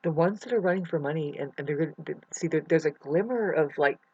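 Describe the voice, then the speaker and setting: A vlogger talking in a rambling, unscripted monologue, full of restarts, swinging between mumbling and loud outbursts into a computer mic. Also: mid-range voice, fast talker, breathy edge, dry recording, dull audio.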